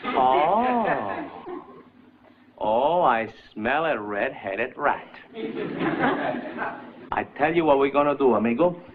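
An actor playing a blustery, hot-tempered jealous husband in a sitcom. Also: male voice, medium pitch, sing-song, takes it slowly, pauses often, noisy background. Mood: scheming. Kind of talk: sitcom acting. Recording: dull old TV sound, laughing studio audience.

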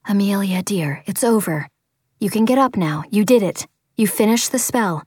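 A woman voicing a calm, gentle female music teacher who speaks softly and sometimes in a hushed whisper. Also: mid-range voice, moderate pace, no room sound, studio quality, close to an everyday voice. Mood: soothing. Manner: soft, hushed, partly whispered.

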